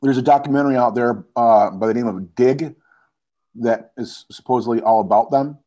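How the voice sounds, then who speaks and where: A man's voice: medium pitch, normal speed, dark tone. A man co-hosting a casual podcast, laid-back and hesitant with many ums. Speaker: podcast co-host. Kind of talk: casual chat.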